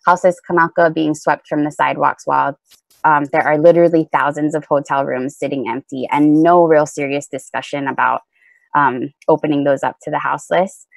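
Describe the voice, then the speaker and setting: Low-voiced woman speaking on a video call. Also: fairly even intonation, brisk, creaky, dry recording. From Hawaii. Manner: earnest, many ums. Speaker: panelist. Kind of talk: prepared talk at an online teach-in.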